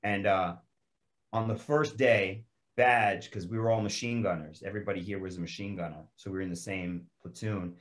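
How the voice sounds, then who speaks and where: A man, an actor guest, telling an animated, profane anecdote over a video call. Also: low-pitched, normal speed. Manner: profane, lively storyteller.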